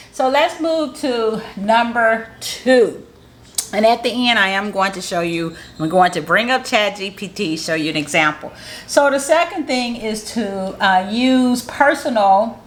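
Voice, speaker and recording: A woman's voice: medium pitch, fairly bright tone. A woman, a marketing strategist, giving a casual how-to tutorial in an upbeat, positive, motivational way, restating her points in plain, encouraging talk.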